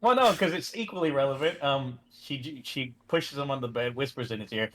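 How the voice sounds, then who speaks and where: A man's voice: mid-range voice, fairly quick, hardly any pauses, fairly bright tone. A young man co-hosting a reaction video, joking playfully. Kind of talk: casual chat.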